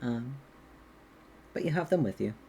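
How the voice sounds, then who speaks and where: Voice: medium pitch, expressive, a little slow, warm tone, breathy edge. A game master running a streamed tabletop game, giggly and loose, swearing casually.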